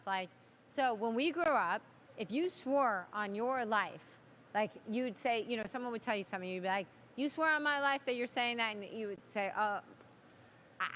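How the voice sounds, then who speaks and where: A middle-aged woman tells a long family story in casual chat, chatty and full of asides. Her voice is bright and sits a little high. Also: slight background noise. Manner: chatty, talks fast with asides. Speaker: co-host.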